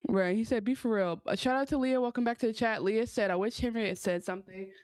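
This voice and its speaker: A woman's voice: fairly high pitch, fast, darkish tone, clear, resonant tone, dry recording. A woman co-hosting a casual podcast, chatting about a TV episode and reading viewer comments aloud. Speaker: podcast co-host. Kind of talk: casual recap chat.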